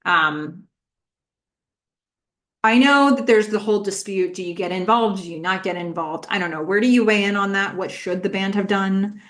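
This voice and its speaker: A woman's voice: medium pitch, normal speed, fairly bright tone. A woman hosting a podcast, giving a chatty recap of a TV episode with many fillers and questions for her listeners. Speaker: podcast host.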